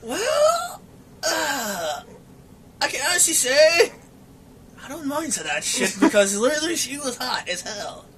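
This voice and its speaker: A young man co-hosting a casual podcast, often laughing and acting out quoted lines in loud voices. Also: extremely high pitch, big pitch swings, measured pace, noisy background. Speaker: podcast co-host.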